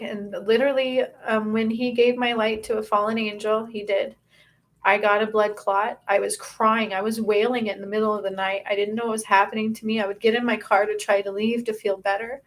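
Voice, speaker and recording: A woman speaking as a spiritual channel host. She gives an earnest, confessional personal testimony and often stops and restarts mid-sentence. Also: fairly high pitch. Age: adult.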